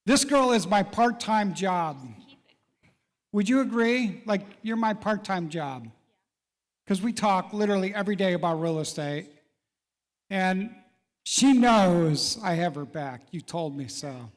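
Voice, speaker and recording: A middle-aged man with a voice that sits high, animated and a little slow, hosts a live real estate event in a large event hall. Folksy and encouraging, he calls out audience members by name, and the recording is reverberant.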